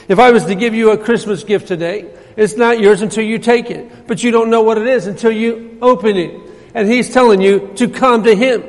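A man preaching a sermon, repeating phrases and swinging from loud emphasis to hushed, low passages. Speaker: pastor. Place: church. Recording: long hall reverb.

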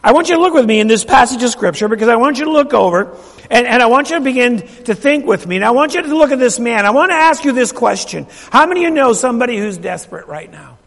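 A man preaches in a church, his voice very high and gravelly. He keeps asking the congregation questions and repeating lines for emphasis, and he swings from loud, emphatic bursts to a hushed near-whisper. A long reverb from the hall trails every phrase. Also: animated, fast talker. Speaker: pastor. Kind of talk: sermon. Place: church sanctuary.

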